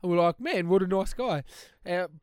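A man's voice: high voice, normal speed, smooth, dry recording, studio quality. A young adult man telling a story on a podcast, laughing often and acting out the voices he quotes. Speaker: podcast co-host. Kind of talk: casual storytelling chat.

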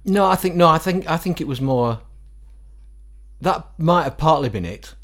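A middle-aged man with a Northern English accent, a musician guest telling animated stories in a casual interview. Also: on the high side, normal speed. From England. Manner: animated, quotes others in acted-out voices, laughs often.

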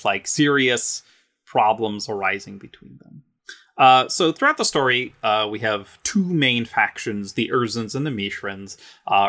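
Bright-voiced man chatting, full of fillers. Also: lowish voice. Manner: laughs often, with playful jokey asides; rambling, with many fillers and restarts. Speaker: podcast co-host. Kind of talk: casual lore chat.

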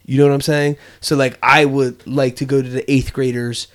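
Young male podcast co-host, earnest and reflective, mid-pitched, casual and full of fillers. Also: little pitch movement, normal speed.

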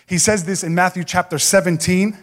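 A man with a bright, high voice preaches a sermon, emphatic and conversational, turning often to the congregation. His voice rings out with a long reverb off the walls of a large church hall. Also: fairly even intonation, a little fast.

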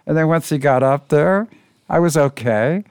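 A man co-hosting a casual podcast, telling a story at a relaxed, rambling pace with lots of "uh" fillers. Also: fairly high pitch, normal speed, clean tone, no room sound, clean studio sound.

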